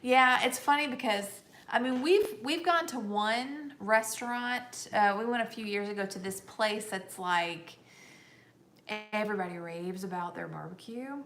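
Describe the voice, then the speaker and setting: A woman's voice: mid-range voice, measured pace, fairly bright tone, slight background noise. A woman co-hosting a live stream, chatting casually and reading viewer comments aloud. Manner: reads viewer comments aloud, laughs often.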